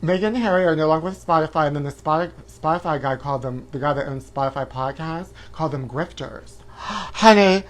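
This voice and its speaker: A man hosting a live-stream chat show, campy and flamboyant, calling viewers honey and letting out shrill woos. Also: quick pace, few pauses. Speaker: host.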